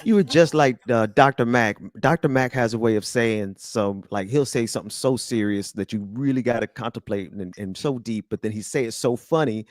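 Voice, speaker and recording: A man's voice: mid-range voice, moderate pace, hardly any pauses, no echo, clean studio sound. A man hosting a casual political chat, laughing often, then earnest and rallying. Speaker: host.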